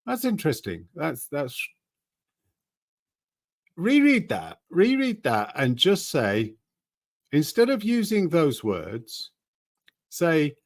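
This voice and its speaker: A man's voice: on the high side, huge pitch swings, takes it slowly, pauses often, no echo, studio quality. A man giving casual, skeptical commentary on current events, often reading articles aloud and asking rhetorical questions. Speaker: political commentator.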